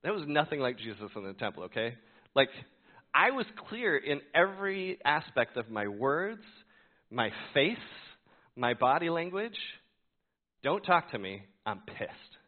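A man's voice: on the high side, sing-song, normal speed. A man preaching a sermon as a pastor, telling a story and acting out his own reactions. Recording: tinny phone-like sound.

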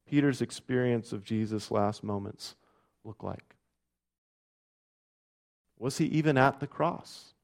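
Man preaching a sermon, mid-pitched. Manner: reads scripture aloud with rising emphasis, then drops soft and low. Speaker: pastor.

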